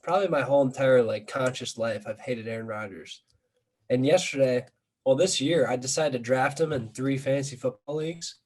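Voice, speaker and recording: A man ranting on a casual sports podcast, worked up and exasperated. His voice sits at an ordinary middle pitch and swings with feeling. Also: brisk, darkish tone, low-quality recording. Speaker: podcast co-host.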